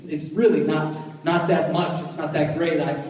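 Man, pastor, sermon, joking conversational manner, slightly high voice, long hall reverb. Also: little pitch movement, a little slow, a little mellow. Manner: joking, conversational, often asks "right?". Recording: echoey hall, voice from far off.

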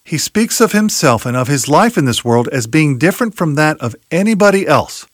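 A man preaching an expository sermon, emphatic, asking rhetorical questions and quoting scripture, slowing down to stress key words. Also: a little high, very animated, no room sound, clean studio sound.

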